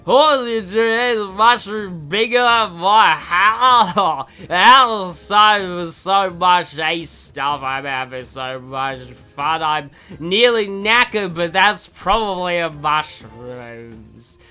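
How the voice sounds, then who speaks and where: A streamer putting on an over-the-top Australian accent to voice an excitable girl character, speaking slowly and loudly in a drawn-out way. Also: medium pitch, smooth, soft background music. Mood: giddy. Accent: exaggerated Australian. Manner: drawn-out, slow, loud delivery.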